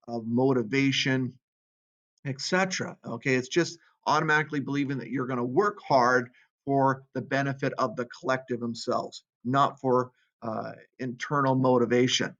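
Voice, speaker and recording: A man's voice: medium pitch, moderate pace, fairly bright tone. Guy teaching a history class, chatty and offhand, kinda muffled lo-fi audio. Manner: casual, reads quotes aloud then comments. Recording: dull lo-fi recording.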